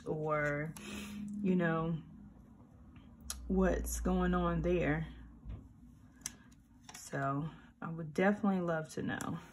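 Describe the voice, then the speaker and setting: A woman's voice: on the low side, slight background noise. A middle-aged woman, chatting casually and animatedly while decorating a planner, with mock-grumpy asides. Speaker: planner vlogger. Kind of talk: casual plan-with-me chat.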